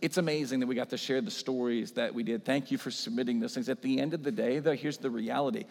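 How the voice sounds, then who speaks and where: A man's voice: medium pitch, fairly even intonation, fast, vocal fry, a little mellow. A man, a pastor, preaching a sermon in a conversational way, often checking in with the congregation. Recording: echoey hall reverb.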